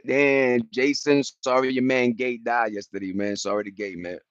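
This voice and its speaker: A man in his forties with a New York accent hosts a casual livestream, talking in easy street slang and shouting out viewers in the chat. His voice sits at a middling pitch. The audio is dry and a little dull, like a lo-fi stream. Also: flat delivery, normal speed, no room sound. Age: 40s. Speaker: livestream host.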